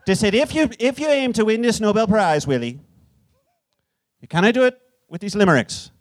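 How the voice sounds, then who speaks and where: A man's voice: sits high, animated, moderate pace, no room sound. A man playing a jovial, boastful old Irish poet with an Irish accent, on a live comedy stage, swinging between cheeky bragging and ponderous recitation. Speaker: guest. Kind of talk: live comedic character performance.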